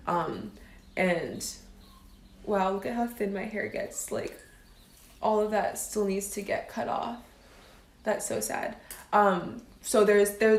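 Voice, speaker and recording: A woman in her twenties from the United States, chatting casually on a live stream and answering viewer comments, with lots of "um" and "like". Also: mid-range voice. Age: 20s. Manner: chatty, fillers like "um" and "like". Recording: roomy echo.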